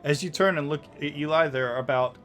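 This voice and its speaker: A man narrating as game master in a relaxed, rambling way. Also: a little high, fast talker.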